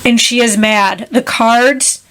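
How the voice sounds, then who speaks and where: A woman co-hosting a podcast, retelling a film plot in casual chat with animated, quick asides. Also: on the high side. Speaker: podcast co-host.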